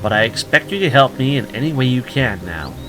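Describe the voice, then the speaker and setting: A man reading the lines of the male adventurer he plays in a video game, in a flat, tired voice. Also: mid-range voice, brisk, faint music behind, close to an everyday voice, poor audio. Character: male adventurer, the player's hero.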